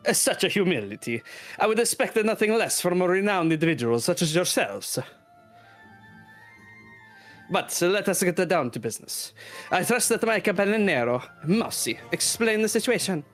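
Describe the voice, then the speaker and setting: A flamboyant, pompous fox prince speaking in a put-on mock Spanish accent, as a man voices him. His speech is flowery and over-polite, with a lively rise and fall. Game music plays softly behind him. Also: sits high, a little fast, pitched above the performer's own voice. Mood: grandiose.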